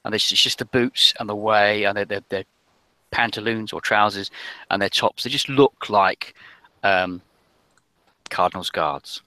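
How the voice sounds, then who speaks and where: A man narrating as game master of a tabletop game, describing scenes hesitantly with many pauses and restarts. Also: on the low side, pushed and bright, dry recording.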